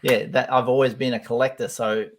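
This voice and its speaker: An Australian man talking as a guest in a relaxed interview over a video call. His voice sits at an everyday middle pitch. He chats freely, laughs often and repeats words as he restarts his thoughts. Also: brisk. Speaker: guest YouTuber. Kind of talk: casual interview chat.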